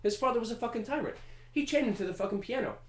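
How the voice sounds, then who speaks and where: A man riffing in a casual comedic monologue, animated and profane, rambling with fillers. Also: very high-pitched, very fast. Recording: roomy echo.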